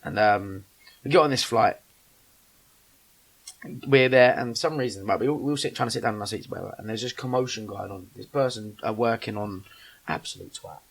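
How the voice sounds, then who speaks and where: Fast-talking man telling a story. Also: fairly low pitch, gravelly. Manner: animated, swears freely, acts out quoted lines. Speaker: podcast guest telling a story. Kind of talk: casual storytelling on a podcast.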